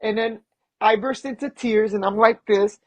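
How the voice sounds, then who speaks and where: A man being interviewed as a guest, a film producer telling animated personal stories and acting out what people said. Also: high-pitched, moderate pace, no room sound, rough recording. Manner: animated storyteller who acts out quotes. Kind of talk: casual interview storytelling.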